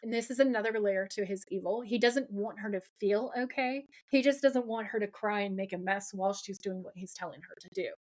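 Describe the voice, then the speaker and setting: A woman co-hosting a podcast, recapping a TV episode in casual chat with dramatic, animated retelling and occasional swearing. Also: mid-range voice, fairly quick, hardly any pauses. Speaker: podcast co-host.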